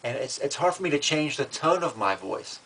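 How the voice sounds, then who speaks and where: A man's voice: on the high side, lively intonation, a little fast, fairly bright tone, rough recording. A man talking to camera in a casual vlog, matter-of-fact and defiant, often restarting and repeating words. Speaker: vlogger.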